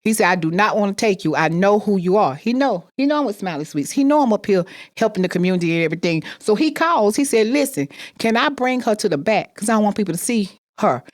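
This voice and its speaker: A woman's voice: medium pitch, animated, quick pace, few pauses. A woman telling a personal story with emphatic repetition, acting out the people she quotes. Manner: emphatic, repeats phrases, acts out quoted voices.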